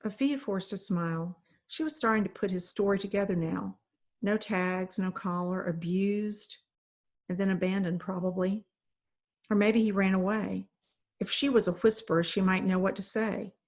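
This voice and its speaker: A woman reading a children's novel aloud, narrating the story in a steady, even way. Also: medium pitch, moderate pace. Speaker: reader.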